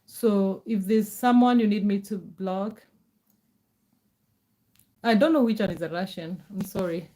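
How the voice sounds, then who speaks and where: This middle-aged woman from Kenya has a warm, mid-range voice and an unhurried delivery with frequent pauses. She chats on a live stream, reassuring viewers as she replies to their comments and repeats her words.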